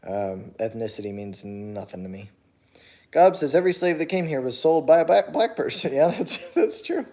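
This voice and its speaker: A man's voice: mid-range voice, expressive, normal speed, darkish tone. A man hosting a casual livestream, reading viewer comments aloud and answering them offhand, with chuckles, and turning argumentative when challenged. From United States.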